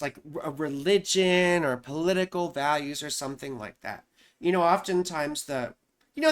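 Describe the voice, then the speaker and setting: Chatty woman astrologer. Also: deep voice. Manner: chatty, loose, peppered with "you know" and "right?". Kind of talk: casual horoscope explainer.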